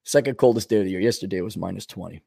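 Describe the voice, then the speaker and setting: A podcast host from Minnesota rambles through a casual comedic monologue, wisecracking as he swings from low mutters to sudden outbursts. His delivery races along, and his warm voice is creaky and slightly rough.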